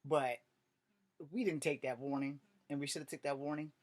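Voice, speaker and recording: A man's voice: fairly high pitch, fairly even intonation, moderate pace. A man with a drawl tells a personal story in a casual, meandering way. He swears freely and fills gaps with "um" and "like" while he talks. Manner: rambling and profane, full of fillers. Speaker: vlogger.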